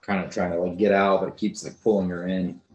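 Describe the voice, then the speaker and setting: A man's voice: low-pitched, a little fast, dull audio. A man running a tabletop role-playing game as game master, talking in a loose, casual way with lots of fillers. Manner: relaxed, casual, with many fillers. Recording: roomy echo.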